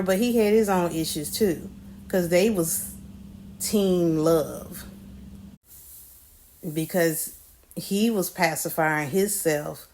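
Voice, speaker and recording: Woman in her 40s vlogging, low voice, slow and blunt, swears casually. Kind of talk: candid personal talk.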